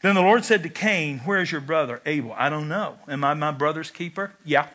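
A man's voice: on the high side, brisk. A man preaching a sermon, telling a personal story and acting out its lines. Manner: animated storyteller, shouts quoted lines. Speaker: pastor.

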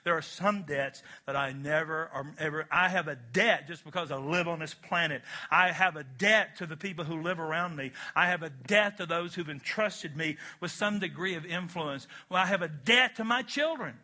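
Bright-voiced middle-aged male preacher. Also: on the high side, moderate pace, hardly any pauses. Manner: emphatic preaching with call-and-response to the congregation; jokey, folksy asides. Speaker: pastor. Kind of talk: sermon.

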